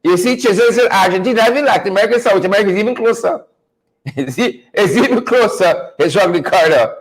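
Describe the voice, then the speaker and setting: Guy hosting a news chat, high voice, folksy and preachy, keeps repeating stuff and talking to viewers. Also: fast talker, rough recording. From Guyana. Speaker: show host.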